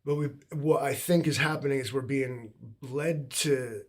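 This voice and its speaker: A man's voice: mid-range voice, measured pace. Laid-back rambling man, casual streamer. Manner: laid-back, meandering, with a lot of filler. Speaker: livestream co-host.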